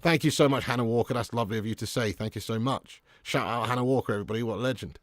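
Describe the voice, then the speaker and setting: Man, young adult, live watch-along host, casual chat with viewers, mid-pitched voice, dry sound. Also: racing, no room sound. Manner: chatty, reads out and answers viewer comments; bursts into loud excitement at match action.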